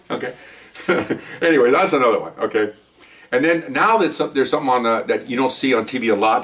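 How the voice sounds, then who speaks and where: An older man, a retired cop, talks quickly and keeps drifting into jokey side stories. He keeps checking in with "okay?" and "you know" as he goes. His voice sounds a bit distant from the microphone. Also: mid-range voice, a bit bright. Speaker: retired police officer telling stories. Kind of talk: casual storytelling monologue.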